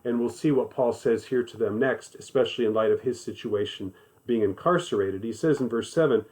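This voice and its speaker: A man leads a Bible study at a steady middle pitch. He talks in a conversational way. He stresses key points by repeating them. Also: brisk. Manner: conversational, emphatic repetition. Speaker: Bible teacher. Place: living in the American South.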